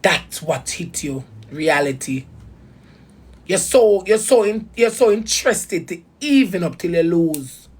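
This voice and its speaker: A woman with a Jamaican accent, ranting heatedly to viewers about a betrayal, swearing in patois. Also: lowish voice. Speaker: vlogger. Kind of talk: emotional personal rant to viewers.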